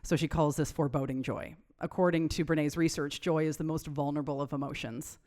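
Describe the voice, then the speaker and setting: A woman co-hosting a casual podcast, walking through research points and affirming her partner with quick yeps. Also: low voice, steady tone, darkish tone. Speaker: podcast co-host.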